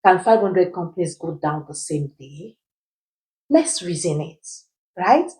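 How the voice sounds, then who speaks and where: Woman finance teacher, lower register, quizzes her audience and answers herself. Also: animated, unhurried, warm tone, rough recording. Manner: teacherly, poses rhetorical questions and answers them; keeps checking in with "right?". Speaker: personal finance educator. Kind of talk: explainer video.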